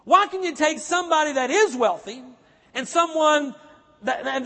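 A man's voice: very high-pitched, a bit bright, breathy edge. A man preaching a sermon, pressing the congregation with emphatic rhetorical questions. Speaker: pastor. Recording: echoey hall, long reverb.

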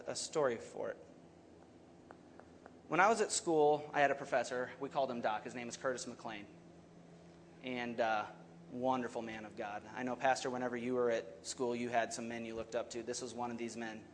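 A man's voice: medium pitch, a little hiss or hum. A young adult man preaching a sermon as pastor, talking conversationally and asking the congregation questions.

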